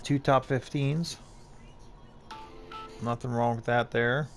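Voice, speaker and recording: A man's voice: medium pitch, steady tone, slow, soft background music. A man giving casual gameplay commentary as a YouTuber, hyped and joking at himself. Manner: hyped, self-mocking banter. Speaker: gaming YouTuber.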